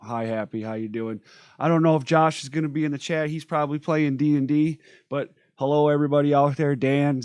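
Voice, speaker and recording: A man hosting a live show in casual chat, energetic and talkative, greeting viewers by name while feeling a bit unwell. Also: fairly high pitch, clear, resonant tone, no echo, clean studio sound. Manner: energetic, chatty, shouting out viewers. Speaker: host.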